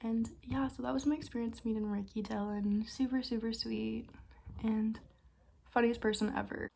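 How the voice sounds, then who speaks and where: A woman's voice: on the high side, fairly even intonation, moderate pace, gravelly, a little mellow, slight background noise. A young woman from Canada telling a casual storytime as a vlogger, chatty with lots of filler words and often half-whispering.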